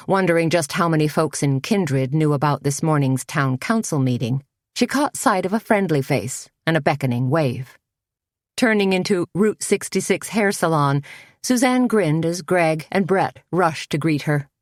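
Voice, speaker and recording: Woman audiobook narrator, low and measured, dry studio read. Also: dry recording. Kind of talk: scripted narration of a cozy mystery.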